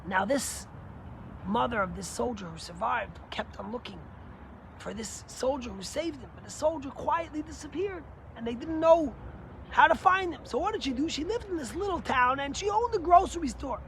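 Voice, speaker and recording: A man, a rabbi, giving a short inspirational sermon as an earnest storyteller who drops low and soft for the moral. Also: animated, moderate pace, slight background noise.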